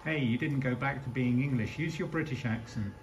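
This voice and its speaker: A man with an ordinary mid-pitched voice puts friendly, direct requests to a robot. His talk is relaxed and conversational. A faint hiss sits under the recording. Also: brisk. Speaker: interviewer testing a robot. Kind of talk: casual questioning.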